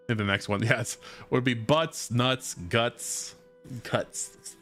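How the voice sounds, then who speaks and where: This game streamer is very animated, speaking at normal speed in a medium-pitched, fairly bright voice with soft background music. His casual let's-play banter mixes jokes for viewers with reading the game's text aloud.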